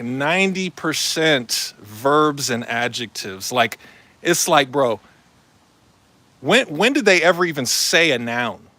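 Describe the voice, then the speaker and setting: A man with a bright, forceful voice rambles through a casual live-stream monologue. He talks loosely, full of fillers, restarts and slang. His pitch sits in a middle range for a man. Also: dry recording.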